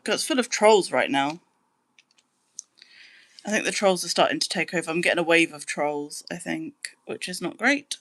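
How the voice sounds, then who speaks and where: A young British woman hosting a live stream, chatting casually with viewers and humming to fill the pauses. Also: fairly low pitch, a bit bright. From Britain. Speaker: livestream host.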